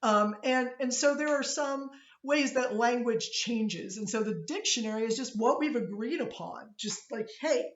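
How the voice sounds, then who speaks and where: A woman's voice: a little high, moderate pace, roomy sound, lo-fi sound. A woman from Pittsburgh with a Pittsburgh accent, giving a chatty, digressive classroom lecture and often checking in with her students. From Pittsburgh, USA. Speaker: college instructor.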